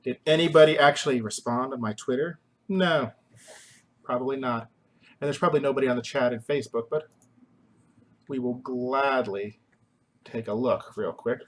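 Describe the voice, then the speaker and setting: A man's voice: medium pitch, normal speed, pauses often. A man hosting a casual live stream from his kitchen, goofy and rambling, mocking himself and making up silly songs. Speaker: host. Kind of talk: casual live-stream chat with joke singing. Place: home kitchen.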